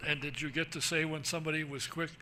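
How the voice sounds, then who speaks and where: A man hosting a radio show, asking questions in a relaxed, conversational way. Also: a little high, fast, background noise. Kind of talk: casual interview chat.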